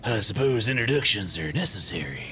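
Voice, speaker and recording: A man voicing a cold, vengeful double who speaks slowly and menacingly. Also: very animated, music in the background. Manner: slow, low, menacing. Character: sinister vengeful double of a brawler, cold killer.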